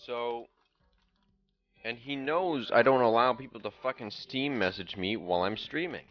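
A man's voice: medium pitch, moderate pace, muffled recording. A young man streaming a game, ranting in a profane, casual way as he plays. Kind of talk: casual gameplay commentary.

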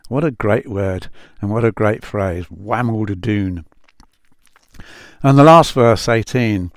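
A man speaking as a Bible translator, reflecting slowly on psalms, with many pauses and fillers as he reads verses aloud. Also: on the low side, no echo, studio quality.

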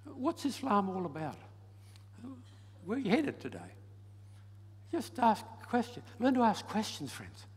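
A man preaching a sermon and telling a story, swinging from loud emphasis to soft, hushed lines. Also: sits high, breathy edge. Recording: long hall reverb.

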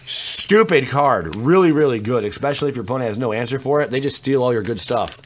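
A man's voice: medium pitch, quick pace. A man making a casual, jokey video of opening trading card packs, rambling with teasing asides. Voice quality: lively, swooping delivery. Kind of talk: casual pack-opening commentary.

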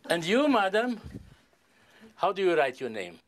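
Playful stage magician with lively pitch. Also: male voice, unhurried. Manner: playful, polite and formal, joking with the volunteer. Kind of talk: stage magic performance with audience volunteer.

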